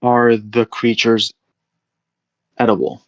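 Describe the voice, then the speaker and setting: Man doing a low, super slow blunt agent, dry lo-fi mic. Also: expressive, no echo. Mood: curious. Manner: slow, deliberate questions. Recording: dull, lo-fi mic.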